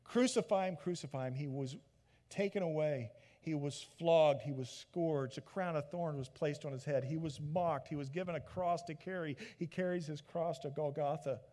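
A man preaching a sermon as a pastor, retelling the story in a lively way and acting out the people in it. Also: on the high side, moderate pace. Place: church sanctuary. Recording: long church reverb.

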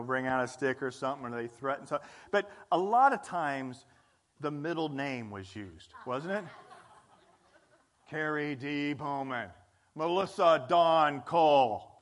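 A male pastor preaching a sermon in an animated, conversational way, acting out scenes as he goes. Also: medium pitch.

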